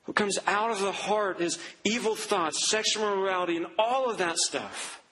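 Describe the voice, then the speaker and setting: A man preaching a sermon, telling a story and acting out the people in it, dropping low and slow for the grave lines. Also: bright, forceful tone, slight background noise, poor audio. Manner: acts out quoted voices, drops low and slow for grave lines. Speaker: pastor.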